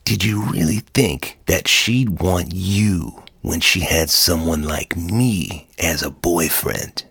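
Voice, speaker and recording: A man voicing a tough, mocking Italian pool hustler with a slow, taunting drawl. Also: sits low, vocal fry, a bit bright, breathy edge, no echo, heavily acted. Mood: menacing.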